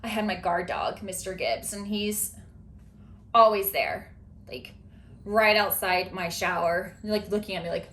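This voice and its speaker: A woman hosting a podcast in casual chat, chatty and animated with lots of filler words. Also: medium pitch, measured pace. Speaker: podcast host.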